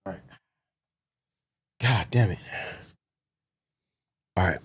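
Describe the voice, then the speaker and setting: A man streaming live, chatting casually to his viewers, excitable and swearing often, repeating himself. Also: low voice, slow, breathy edge.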